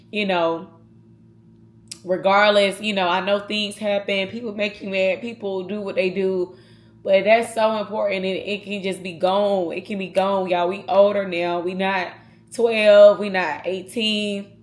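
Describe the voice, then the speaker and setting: A woman's voice: medium pitch, fairly even intonation, measured pace. A woman talking casually and earnestly to her viewers in a vlog, speaking straight to them. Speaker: vlogger.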